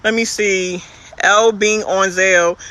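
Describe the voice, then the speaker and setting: A woman's voice: medium pitch, fairly even intonation, slow, pushed and bright, no room sound. A woman with a Baltimore accent, a truck driver chatting animatedly on a live stream, laughing often and swearing while she reads viewer comments.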